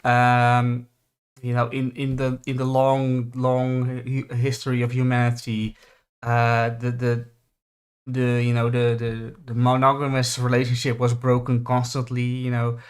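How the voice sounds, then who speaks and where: A man chatting casually on a stream, halting and restarting often, searching for words. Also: mid-range voice, little pitch movement, clear, resonant tone. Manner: halting, many restarts and fillers. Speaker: podcast co-host.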